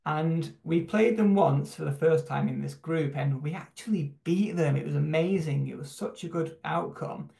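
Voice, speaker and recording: Reflective man, gravelly, roomy echo. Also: on the high side, warm tone. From United Kingdom. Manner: reflective, halting, with frequent fillers and restarts. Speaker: church human rights team member. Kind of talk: personal testimony talk on a video call. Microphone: video call. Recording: roomy echoing sound.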